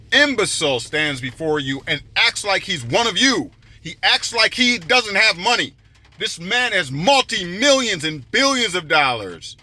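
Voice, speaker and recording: A man's voice: a little high, pushed and bright. Heated, preachy man ranting. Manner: agitated, repetitive, preachy. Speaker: political commentator.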